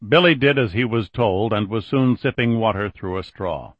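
A man narrating an audiobook in a steady, even reading voice, on a dull lo-fi recording. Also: on the low side, moderate pace, few pauses, no echo. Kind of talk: scripted narration.

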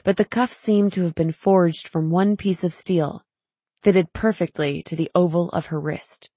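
A woman narrating a novel in an even, measured storytelling manner. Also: fairly low pitch, breathy edge, no room sound. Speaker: audiobook narrator. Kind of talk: scripted narration.

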